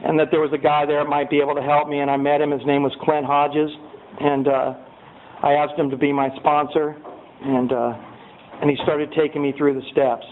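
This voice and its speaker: A man sharing his recovery story as a personal testimony. He talks in an animated way with many fillers and raises his voice as he relives the scenes. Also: fairly high pitch, a little fast. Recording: tinny phone-like sound with faint noise.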